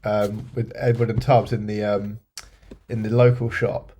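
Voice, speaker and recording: A man's voice: fairly low pitch, flat delivery, measured pace, dark tone, slight background noise. A man co-hosting a podcast, chatting casually and telling anecdotes, briefly putting on voices when he quotes people. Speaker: podcast co-host. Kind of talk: casual chat.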